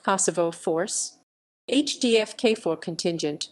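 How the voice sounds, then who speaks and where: A woman reading an encyclopedia article aloud in an even, listing delivery. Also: fairly low pitch, a little slow. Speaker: article reader.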